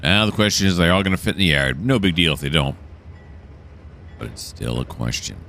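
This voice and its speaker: A man's voice: rumbling low, expressive, a little fast, vocal fry, fairly bright tone, a little hiss or hum. A man narrating a train simulator game as he plays, thinking aloud and correcting himself. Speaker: gameplay commentator. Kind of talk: relaxed let's-play narration.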